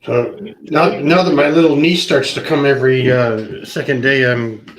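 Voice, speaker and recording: A man's voice: mid-range voice, fairly even intonation, normal speed, rough recording. Teasing Canadian man, crowd behind. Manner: teasing, joking. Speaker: chat participant. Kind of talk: casual group chat.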